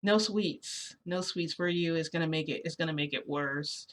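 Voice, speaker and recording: A woman's voice: sits low, moderate pace, close to an everyday voice. A woman voicing a stern, controlling young man in a retold story, curt and bossy.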